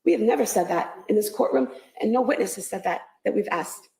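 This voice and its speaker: A woman prosecutor giving a closing argument in a courtroom, measured and emphatic, building her points through repeated phrases. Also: medium pitch, lively intonation, vocal fry, a little mellow. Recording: echoey courtroom audio.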